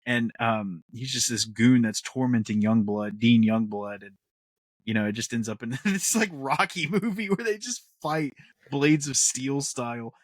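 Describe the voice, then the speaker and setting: A man's voice: medium pitch, a little slow, no echo. Chatty laughing man, dry mic. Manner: animated, laughs often, acts out quotes. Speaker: podcast host. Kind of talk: casual chat.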